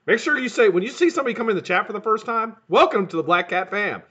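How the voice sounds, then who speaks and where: A man hosting a live stream in casual chat, greeting viewers by name and swearing freely, his voice sounding a bit hoarse. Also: high voice, lively intonation, fast talker, sharp tone, muffled recording. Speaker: livestream host.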